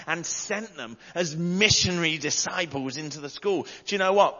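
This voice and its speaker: A man's voice: fairly high pitch, normal speed, few pauses, pushed and bright, long reverb tail, lo-fi sound. A man preaching a sermon, telling stories emphatically and repeating lines for effect.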